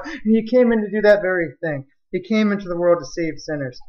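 A man preaching a sermon in a noticeably high voice, quoting verses and building to earnest, emphatic stretches. The sound is roomy and slightly muffled, as if taped from a church. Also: fast, darkish tone. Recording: roomy, slightly dull recording.

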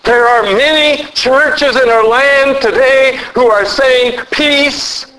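Preacher, male, higher-pitched voice, earnest sermon delivery with emphatic climbs. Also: poor audio. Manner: lively pitch, slows down for emphasis.

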